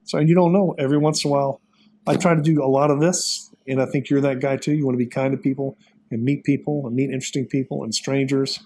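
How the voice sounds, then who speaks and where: A man's voice: medium pitch, steady tone, fast, a little mellow, a little hiss or hum. A man, a guest telling folksy, rambling stories in a casual conversation. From Texas. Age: 50s. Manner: rambling, folksy storytelling with many fillers. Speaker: interview guest.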